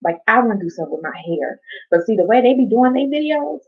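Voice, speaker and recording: A woman's voice: on the high side, very animated, quick pace, husky. A woman hosting a casual live stream from home, rambling, chatting to viewers and swearing casually. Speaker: livestream host. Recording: dull lo-fi stream audio.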